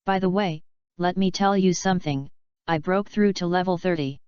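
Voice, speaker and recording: A woman voicing a cheerful young girl student in a storybook reading, speaking brightly and breezily. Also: lowish voice, normal speed, clean tone, no room sound, close to an everyday voice. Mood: breezy. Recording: dull lo-fi recording.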